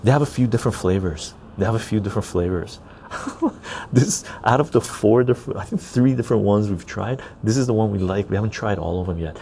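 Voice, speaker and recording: Deep gravelly-voiced man, easygoing chat. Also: brisk, dark tone, slight background noise. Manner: easygoing, chatty, tags sentences with "right?". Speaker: podcast host. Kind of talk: casual chat while reading live chat. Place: outdoor patio garden.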